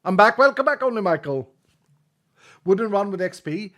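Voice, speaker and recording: A man's voice: high-pitched, animated, normal speed, fairly bright tone. A man streaming a game, chatting casually with his viewers, reading their messages aloud and laughing often, speaking English with a non-native accent. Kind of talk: casual live-stream chat.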